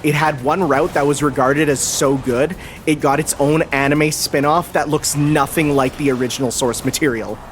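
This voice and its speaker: A man's voice: fairly high pitch, fairly even intonation, normal speed, few pauses, faint music behind. A young man chatting enthusiastically while commentating a video game, with lots of fillers. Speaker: host. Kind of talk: casual gameplay commentary.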